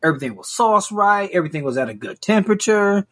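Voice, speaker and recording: A man's voice: high voice, expressive, fast talker, a bit bright. A man co-hosting a podcast, telling stories in casual chat with lots of profanity and mimicry of people he met. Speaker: podcast co-host.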